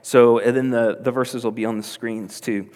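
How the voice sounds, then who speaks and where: A pastor delivers a sermon in a church hall, his mid-pitched male voice earnest and building to insistent, emphatic peaks. Long reverb trails his words around the room. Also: steady tone, normal speed, a little mellow.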